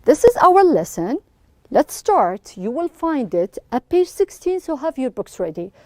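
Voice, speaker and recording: A woman's voice: high voice, sing-song, a little slow, dark tone, dry recording. A woman teaching an English lesson to young pupils, prompting with questions and praising answers encouragingly.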